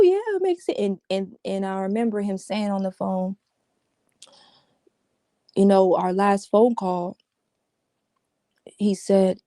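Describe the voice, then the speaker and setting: A woman's voice: medium pitch, mellow, dry recording, studio quality. A woman giving an emotional personal account as an interview guest, talking casually and repeating herself. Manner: casual, repetitive, restarts often, says "yo".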